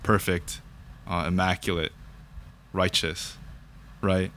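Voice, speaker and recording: A young man calmly sharing his faith story in conversation, thinking aloud and often checking in with "right?". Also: deep voice, measured pace, a little hiss or hum. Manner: reflective, thinks aloud with fillers and repeated "right?". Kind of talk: casual conversation about faith.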